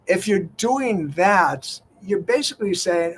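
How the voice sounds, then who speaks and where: Older male talk-radio health host, folksy and rambling, slightly high voice, faint hiss behind. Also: lively intonation, unhurried, hardly any pauses, a bit bright. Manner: folksy, conversational, many "you know" fillers.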